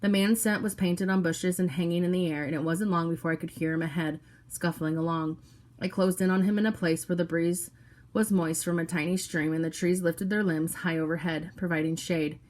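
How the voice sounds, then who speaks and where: A female audiobook reader narrates a first-person novel at a brisk pace. Her delivery is steady and understated, in a lowish register.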